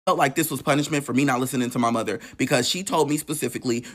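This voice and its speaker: A man telling a painful personal story in an emotional, profane, animated way. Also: mid-range voice, very fast, few pauses. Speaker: storytelling vlogger.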